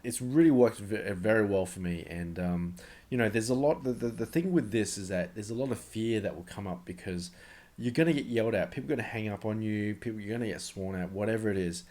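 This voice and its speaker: A man's voice: lowish voice, a little fast, a little mellow. A man coaching sales in casual talk to camera, emphatic and conversational, often repeating himself.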